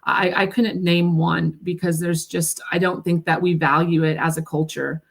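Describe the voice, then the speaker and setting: A woman with a notably low voice and a gravelly edge tells stories in a relaxed interview. She speaks earnestly and loosely, stacking fillers and restarts as she thinks aloud, from her home. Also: normal speed. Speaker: guest, food nonprofit executive director. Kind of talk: casual interview chat.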